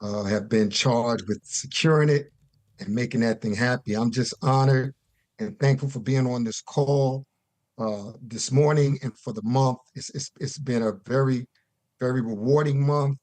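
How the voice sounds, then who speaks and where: A man's voice: medium pitch, moderate pace, a little mellow, no room sound. A man calling in to a religious conference call, giving an earnest, preacher-like testimony and stretching out key words. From US East Coast. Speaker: caller.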